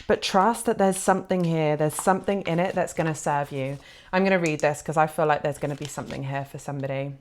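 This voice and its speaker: Gentle low-voiced woman reading tarot. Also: fast talker. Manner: gentle, reassuring, heartfelt, many soft fillers. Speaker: tarot reader. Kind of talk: pick-a-card tarot reading.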